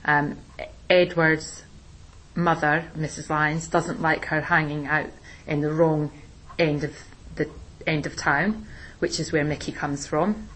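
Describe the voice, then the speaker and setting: Woman teacher, low voice, husky tone, explanatory lesson talk. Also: flat delivery, takes it slowly, a bit bright, poor audio. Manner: explanatory, many ums and restarts. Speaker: English teacher. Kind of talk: recorded literature lesson discussion.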